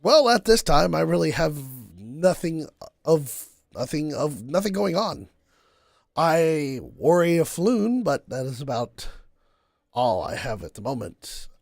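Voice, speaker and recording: Guy doing a carefree young noble dude, kinda halting, lively up and down, dry sound. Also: on the high side, gravelly, no echo, full character voice. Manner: hesitant, halting delivery. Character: young male noble, carefree free spirit.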